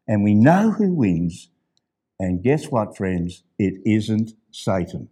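A middle-aged man preaching a sermon in a medium-pitched voice. He drops low and quiet for gentle asides, then climbs to loud, emphatic declarations. At times he reads a letter aloud. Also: very animated, a little slow. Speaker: pastor.

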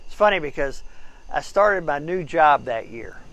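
A man's voice: a little high, expressive, moderate pace, a bit bright, poor audio. A middle-aged man co-hosting a casual outdoor chat show, telling rambling stories full of restarts. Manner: rambling storyteller with frequent restarts. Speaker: podcast co-host. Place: outdoors at night by a fire.

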